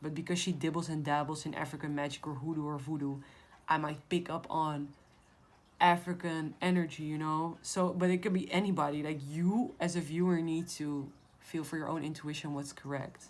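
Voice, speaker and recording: A woman with a somewhat low voice talks straight to her viewers as she reads tarot cards. She is blunt and emphatic and swears freely in a casual tone. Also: level tone, normal speed. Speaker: tarot reader. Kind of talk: casual tarot reading to camera.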